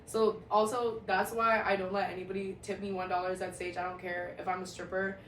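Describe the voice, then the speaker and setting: A young woman telling a personal story in a casual, profane, animated way, often breaking into laughter, recorded at home. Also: mid-range voice, fairly quick. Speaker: storyteller vlogger. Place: at home, indoor room. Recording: echoey room, distant mic, faint hiss.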